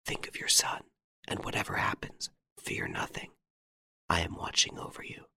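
A bold gentleman rescuer who speaks firmly and persuasively, giving his word, as a man reads him in a storybook. The voice sits low and steady. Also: normal speed. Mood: whispered.

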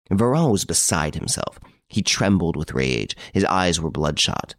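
A man narrating a classic detective story in a measured storytelling manner. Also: low-pitched, very animated, no echo, studio quality. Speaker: audiobook narrator. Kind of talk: scripted narration.

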